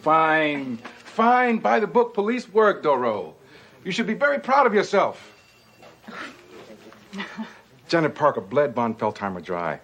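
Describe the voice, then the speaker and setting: A man's voice: a little high, wildly swooping pitch, takes it slowly, pauses often, a bit bright, a little hiss or hum, full character voice. An actor playing a sarcastic male police captain in a 1980s TV comedy, heard from a slight distance. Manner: mocking, sarcastic.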